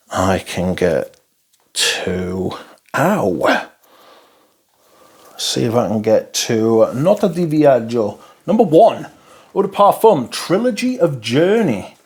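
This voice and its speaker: Husky man chatting slowly. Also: medium pitch. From Newcastle, England. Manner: chatty and rambling, swears freely, addresses viewers as friends. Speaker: fragrance reviewer. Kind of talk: casual chat to camera.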